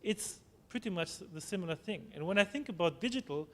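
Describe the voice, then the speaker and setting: A man giving a conference presentation, halting, with frequent restarts and tag questions. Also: sits high, animated. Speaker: conference speaker. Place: conference hall. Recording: long hall reverb, faint noise.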